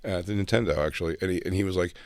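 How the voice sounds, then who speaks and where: A man's voice: sits low, rapid-fire, no echo, clean studio sound. A man co-hosting a podcast, chatting casually and telling profane, rambling stories from school. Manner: rambling, profane, acts out quoted voices. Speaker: podcast co-host. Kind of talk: casual storytelling chat.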